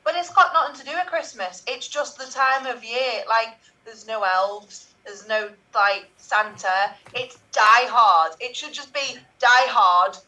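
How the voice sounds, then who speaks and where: A woman on a comedy panel rambles and hedges as she argues. Her voice is bright and a little high, caught from a distance on the mic. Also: a little slow, hardly any pauses. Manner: rambling, hesitant, full of "like". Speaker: improv panelist.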